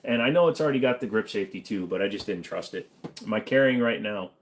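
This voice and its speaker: A man's voice: fairly low pitch, animated, fast talker, slight background noise. A young man hosting a casual livestream, reading viewer questions and answering them with crude jokes. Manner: joking, profane, answers chat questions.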